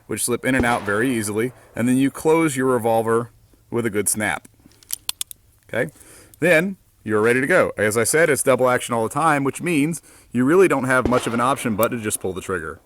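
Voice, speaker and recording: A man's voice: medium pitch, a bit bright. Guy talking at the range about his gun, lots of ums, kinda far from the mic, bit of noise. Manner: halting, lots of ums and uhs. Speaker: firearms channel host. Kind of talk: casual explanatory talk at the range. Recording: distant mic, faint background noise.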